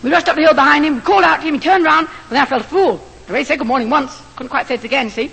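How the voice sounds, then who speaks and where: An older woman preaches in a high voice, telling her story with earnest, lively emphasis. Her words ring out with a long reverb, as if spoken in a large hall. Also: very fast, creaky. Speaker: missionary doctor preaching. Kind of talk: sermon with storytelling.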